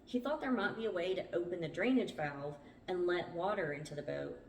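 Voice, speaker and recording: A woman's voice: on the low side, fairly quick, slight background noise. A woman hosting a book club, reading a survival memoir aloud with small stumbles. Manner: plain storytelling read with small stumbles. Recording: roomy, distant from the mic.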